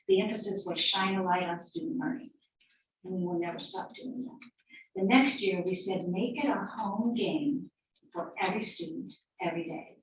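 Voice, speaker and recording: A middle-aged woman walks a school board through the year's plans and repeats key phrases with fillers. She sounds distant and dull-toned in a very echoey meeting room with faint background noise. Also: mid-range voice. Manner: warm, repetitive, explanatory with fillers. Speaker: school district superintendent. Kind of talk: presenting at a board workshop.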